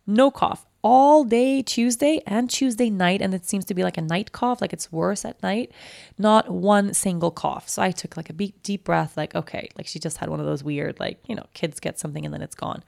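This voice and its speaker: A woman's voice: mid-range voice, moderate pace, vocal fry, a little mellow, no room sound. A woman in her thirties hosting a personal podcast, talking candidly and emotionally with many fillers, close to tears. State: near tears. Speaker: podcast host.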